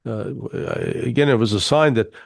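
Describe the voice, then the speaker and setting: A man's voice: mid-range voice, vocal fry, dry recording. Emphatic man, dry sound. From United States. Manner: emphatic, hesitant restarts, slows down to stress points. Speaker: guest commentator. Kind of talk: political interview talk.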